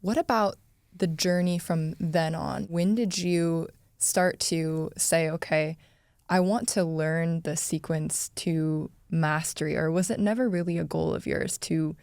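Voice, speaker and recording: Woman host, low gravelly voice, warm and encouraging, dry sound. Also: steady tone, a little slow, dry recording. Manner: warm, affirming, frequent backchannels. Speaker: podcast host. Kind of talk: interview.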